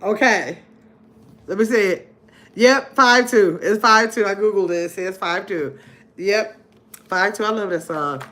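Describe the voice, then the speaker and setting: A woman's voice: medium pitch, unhurried, long pauses, fairly bright tone. Chatty woman hosting a live game night. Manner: chatty, laughs often, talks straight to viewers. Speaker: livestream host. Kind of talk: casual live-stream chat reading viewer comments.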